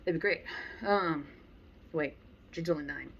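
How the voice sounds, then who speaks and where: A woman with a fairly low voice talks through dog-training tips in a loose, chatty way. She is blunt and lively, and her asides carry an exasperated edge. She teaches as much by telling stories as by giving instructions. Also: measured pace, dull audio, slight background noise. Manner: animated, acts out people she describes. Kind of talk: casual instructional talk.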